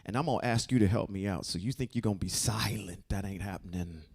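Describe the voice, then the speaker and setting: Male Bible study leader, relaxed teaching voice, keeps asking the room "okay?". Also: on the low side, fast talker, slightly rough. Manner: keeps checking in with "okay?" and "right?"; quizzes listeners with questions. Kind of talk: casual scripture teaching to a group.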